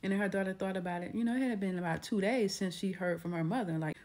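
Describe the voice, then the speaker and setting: A woman with a medium-pitched, darkish voice retells a true crime case conversationally, speaking fast with few pauses and fairly even intonation. She often restarts her sentences and acts out quotes.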